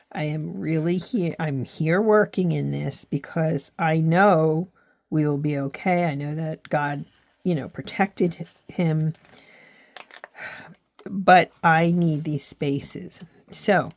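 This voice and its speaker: A woman's voice: sits low, creaky, darkish tone, no echo. A middle-aged woman from the United States chatting earnestly while she crafts, reflective and close to tears at times. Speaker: craft and faith vlogger. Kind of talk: casual heartfelt chat while crafting.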